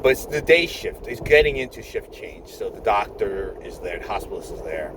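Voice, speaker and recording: A man's voice: lowish voice, big pitch swings, a little fast, very noisy. A nurse in his fifties tells a rambling work story, with many restarts and chuckles. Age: 50s. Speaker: nurse vlogger.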